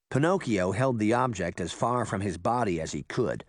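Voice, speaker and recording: A man narrating a children's storybook in an expressive reading voice. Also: fairly low pitch, moderate pace, dry recording, studio quality. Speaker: audiobook narrator.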